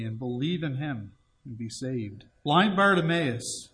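A man's voice: medium pitch, expressive, measured pace, a bit bright. A man preaching an evangelistic sermon, earnestly pleading and reading scripture aloud. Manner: earnest pleading, reads scripture aloud in old-fashioned wording.

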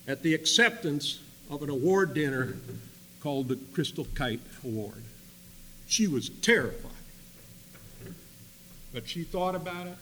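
A man telling a story in a sermon, swinging between loud emphatic bursts and quiet asides. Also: a little high. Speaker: preacher. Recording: long hall reverb with faint hum.

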